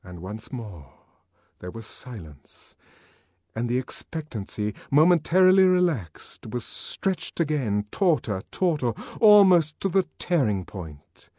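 A man reading fiction aloud as a narrator, in a dramatic, expressive manner. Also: mid-range voice, slow pace, no echo. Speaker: audiobook narrator. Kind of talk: scripted narration.

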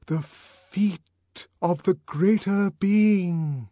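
A man voicing a deep, musical, supernatural male voice that speaks slowly from above. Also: big pitch swings, dark tone, no echo, exaggerated voice. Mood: whispering. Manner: intoning slowly, drawn out.

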